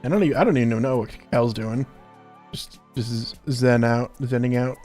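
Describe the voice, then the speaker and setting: A man's voice: mid-range voice, steady tone, normal speed, darkish tone, soft background music. A man casually commenting while playing a video game, joking about himself as he goes. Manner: joking, self-mocking, laughs often. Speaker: gaming video host.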